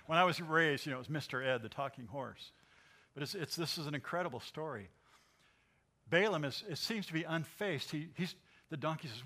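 An older male pastor tells a Bible story with lively, amused energy and chuckles often. His voice sits a little high and comes across bright and forceful. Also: fairly quick. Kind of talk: sermon.

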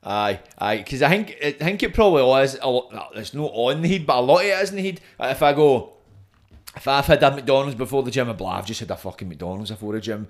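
Man, podcast host, blunt chatty manner, middle pitch. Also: expressive, a little fast. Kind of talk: casual podcast chat.

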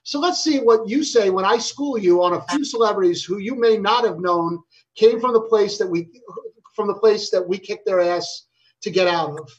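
A man's voice: high-pitched, normal speed, rough recording. A man hosting a casual quiz game among friends, playful, swearing and laughing, tripping over his own answers. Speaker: game host.

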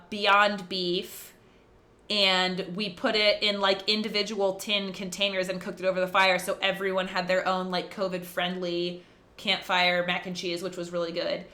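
A young adult woman co-hosting a podcast, chatting casually and telling rambling stories with frequent laughter. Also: mid-range voice. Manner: animated, laughs often, rambling storytelling. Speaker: podcast co-host. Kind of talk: casual chat between sisters.

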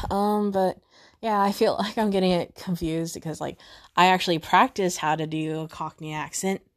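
A woman's voice: fairly low pitch, fairly even intonation, moderate pace. A young woman hosting a podcast on her own, chatting casually and rambling with many fillers and self-corrections. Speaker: podcast host. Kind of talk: casual solo chat.

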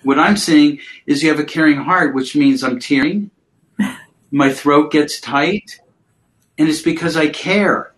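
A man coaching mindfulness over a video call in a slightly high voice. He speaks gently and slowly, often pausing and repeating himself as he guides. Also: low-quality recording. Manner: gentle, slow, reflective, repeats phrases. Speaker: mindfulness teacher.

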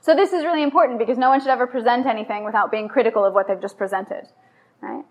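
A high-voiced woman giving a lecture to a live audience. She keeps it chatty and playful and often turns to the listeners with questions. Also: very fast. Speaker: lecturer on raw food and yoga.

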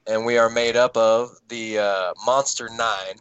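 A man's voice: mid-range voice, steady tone, unhurried, fairly bright tone, clear, resonant tone, lo-fi sound. A man with a Southern American accent, a wrestling manager chatting easily as a podcast guest. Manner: easygoing, laughing, drawling asides. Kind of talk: casual podcast chat.

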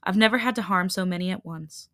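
A woman reading a tired but firm young male hybrid leader in a calm, steady voice. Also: on the low side, quick pace, no echo, studio quality, lightly acted. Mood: weary.

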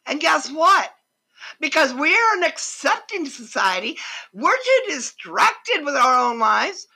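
An older woman with a high, bright, husky voice rants in indignant, emphatic bursts. She speaks slowly and leans hard on every point. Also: sing-song. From United States. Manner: impassioned, indignant, emphatic, swears. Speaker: vlogger. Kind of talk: political rant.

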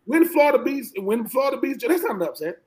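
A man's voice: extremely high pitch, fast, low-quality recording. Emphatic Southern man talking football. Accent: Southern American. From Georgia. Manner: animated, emphatic storyteller, repeats himself. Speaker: guest, former college football player. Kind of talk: casual sports talk.

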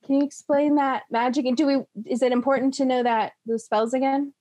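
A woman's voice: high voice, steady tone, dark tone. Giggly young woman recapping a tabletop game. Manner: giggly, rambling, slips into quick character voices.

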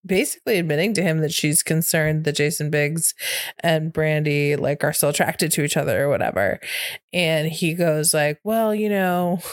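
A woman's voice: low voice, no echo, clean studio sound. A woman co-hosting a podcast in casual chat, laughing often as she retells movie scenes. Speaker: podcast co-host.

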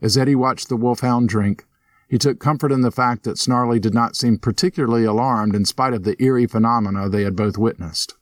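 A man narrating a scripted ghost story in a steady storytelling manner. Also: brisk, dry recording. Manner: steady storyteller, voices characters with lifted pitch. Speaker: narrator and host.

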